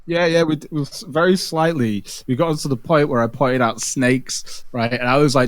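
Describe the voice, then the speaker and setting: A man hosting a livestream, telling stories in an animated, casual way with frequent swearing. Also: mid-range voice, a little fast, hardly any pauses, no echo, clean studio sound. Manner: animated storytelling, swears freely, many restarts. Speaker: livestream host. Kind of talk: casual chat.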